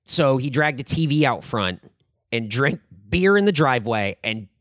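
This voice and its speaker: A man's voice: mid-range voice, normal speed, no room sound, clean studio sound. A man in his thirties co-hosting a podcast, telling stories in a rambling, casual way full of "like". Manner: rambling, lots of "like", animated retelling with laughs. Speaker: podcast co-host. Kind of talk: casual storytelling chat.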